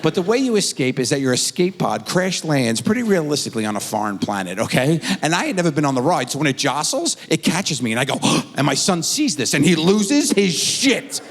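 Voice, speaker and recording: A middle-aged man telling a stand-up comedy story with animated, exaggerated voices, on a theater stage with a handheld mic. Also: a little high, a little fast, hardly any pauses. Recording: echoey theater with faint crowd.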